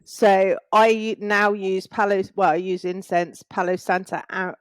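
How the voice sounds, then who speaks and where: A woman's voice: mid-range voice, fairly even intonation, a little slow, clear, resonant tone, dry recording. A woman on a video call from her home in Spain, explaining things earnestly as an interview guest, with small laughs. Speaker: guest, space clearing practitioner.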